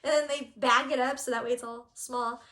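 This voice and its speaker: A woman's voice: fairly high pitch, fairly even intonation, brisk, fairly bright tone. A woman from Southern California co-hosting a cross-stitch channel, telling a story in casual chat and acting out quotes with laughter. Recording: echoey room.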